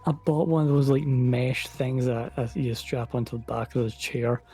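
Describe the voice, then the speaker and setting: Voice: medium pitch, little pitch movement, normal speed, warm tone, faint music behind. A guest chatting casually on a stream, with a hesitant, chatty manner. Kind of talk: casual chat.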